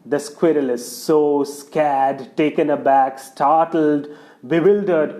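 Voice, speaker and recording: A storyteller with a fairly high voice tells a folk tale aloud, taking his time. He's lively and speaks directly to his listeners.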